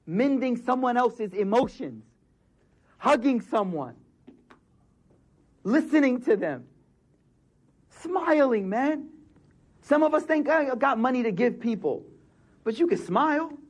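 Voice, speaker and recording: A man's voice: extremely high pitch, sing-song, takes it slowly, long pauses. A man preaching a sermon in a casual, slangy way, repeating key phrases for emphasis. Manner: casual, street-slang delivery with emphatic repetition.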